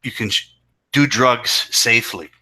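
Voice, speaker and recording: A man's voice: medium pitch, a little slow, bright, forceful tone, slightly rough. A man co-hosting a casual chat podcast, talking in an incredulous, profane and emphatic way. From Canada. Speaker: podcast co-host.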